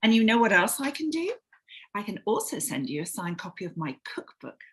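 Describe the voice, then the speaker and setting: A woman's voice: medium pitch, very animated, brisk, a bit bright. A middle-aged English woman, an author from England, chatting as a guest in a casual interview and often restarting her sentences.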